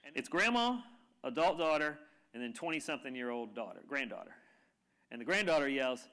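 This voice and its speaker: Guy on stage spinning a funny story, kinda high bright voice, lively. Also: moderate pace, a little hiss or hum. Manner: animated, humorous storyteller. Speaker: keynote speaker. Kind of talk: storytelling talk to a live audience. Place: lecture room with audience.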